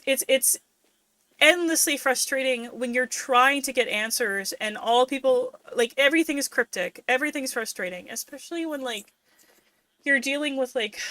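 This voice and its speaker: A young woman streaming a game, chatty and rambling, with frustrated asides. Her voice is bright and sits somewhat high. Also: no echo. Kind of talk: live game stream commentary.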